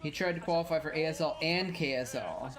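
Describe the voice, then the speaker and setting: A man with a slightly high voice speaks fairly quickly while streaming old pro games for a watch party. He's chatty and easygoing, reading the chat aloud and rambling through casual commentary.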